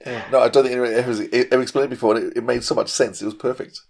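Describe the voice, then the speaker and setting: Fast-talking enthusiastic male podcast host. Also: mid-range voice, fairly even intonation, vocal fry, a little mellow. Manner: enthusiastic, full of praise. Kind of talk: casual interview chat.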